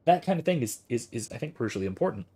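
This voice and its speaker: Husky-voiced man, 30s, casual philosophy streamer who thinks out loud. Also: medium pitch, big pitch swings, racing. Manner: rambling, thinks aloud with restarts. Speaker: philosophy streamer reading chat.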